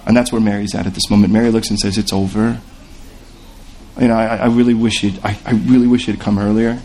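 A man's voice: on the low side, fast talker, a little hiss or hum. A male pastor preaching a sermon, slipping into the voices of the people in the story he tells. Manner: expressive preaching, acts out the voices of biblical figures.

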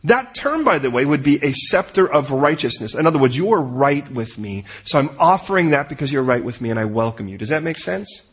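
A man preaching a sermon in an animated way, acting out the voices of the people he quotes. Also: mid-range voice, brisk, hardly any pauses, slightly rough. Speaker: pastor.

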